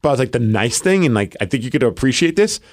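A man's voice: medium pitch, rapid-fire. A man in his forties, co-hosting a podcast and telling a story in casual chat, acting out the lines he quotes. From US Pacific Northwest. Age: 40s. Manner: animated storyteller, acts out quotes. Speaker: podcast co-host.

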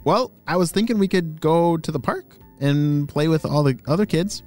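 A man voicing an eager, brave young girl in a children's story, in a high excited voice. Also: moderate pace, faint music behind, natural voice.

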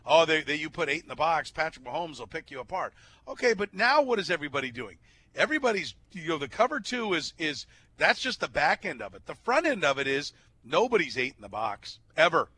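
A man talks football in a relaxed sports chat, his voice bright and forward. His pitch swings widely as he piles up stammered restarts and rhetorical questions to press his point. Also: brisk. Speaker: co-host.

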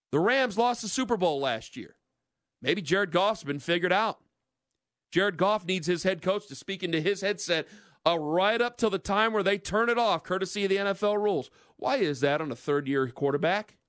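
A man's voice: high-pitched, fairly bright tone, no echo. A man hosting a sports talk radio show, ranting in an emphatic, fired-up monologue into a studio microphone.

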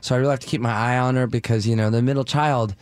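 A man's voice: medium pitch, steady tone, rapid-fire, no echo. Man, casual radio banter, jokey rambling, self-deprecating, dry studio sound. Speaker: guest radio host. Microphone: studio microphone.

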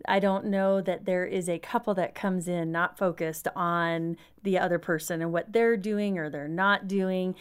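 A woman's voice: lowish voice, clear, resonant tone. A woman who works as a marriage counselor, guesting on a talk show and speaking earnestly about couples she works with. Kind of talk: casual talk show chat.

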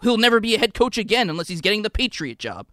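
A male sports radio co-host with a high, bright, edgy voice. He talks bluntly and shoots down ideas with sarcasm. The studio sound is close and dry. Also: sing-song, fast talker, no room sound. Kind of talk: casual sports talk radio.

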